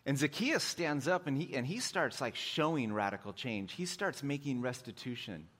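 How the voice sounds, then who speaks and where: Middle-aged man, pastor, relaxed chatty sermon with self-deprecating humor. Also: medium pitch, moderate pace. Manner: joking, conversational, self-deprecating.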